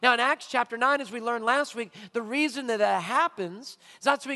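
A male pastor preaching a sermon with emphatic delivery, swinging from quiet asides to loud, shouted points. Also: very high voice, a little fast, hardly any pauses, in a large hall.

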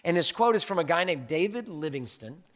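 Impassioned pastor preaching in a reverberant hall. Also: male voice, on the high side, expressive, fairly quick. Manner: impassioned, swings from loud to hushed. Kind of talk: sermon.

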